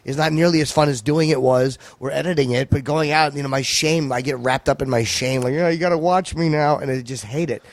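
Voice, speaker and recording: Man, podcast guest, dry and measured, swears casually, dead dry room sound. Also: medium pitch, fairly even intonation, no echo. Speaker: podcast guest, stand-up comedian.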